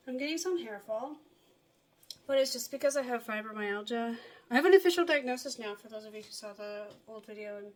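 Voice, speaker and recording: A woman's voice: on the high side, brisk. A woman chatting casually in a home vlog, rambling and self-mocking, often dropping to muttered asides under her breath. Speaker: vlogger. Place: home, at a table.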